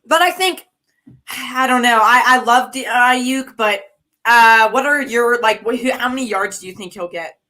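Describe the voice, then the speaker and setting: Bright-voiced woman caller. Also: on the high side, normal speed. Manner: hesitant, chatty, uses "like" and "um". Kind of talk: casual call-in chat.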